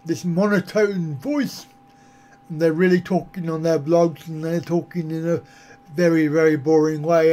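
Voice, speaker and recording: Man, fairly high voice, unhurried, chatty live-stream host, self-mocking, reacting to comments. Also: steady tone, warm tone. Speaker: travel vlogger answering live chat. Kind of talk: casual live-stream chat.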